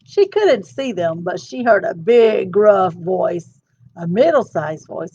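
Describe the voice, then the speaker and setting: A woman's voice: medium pitch, sing-song, unhurried, a little mellow, breathy edge. A woman hosting a storytime, reading a children's book aloud with expression. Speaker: storytime host. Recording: dull lo-fi sound.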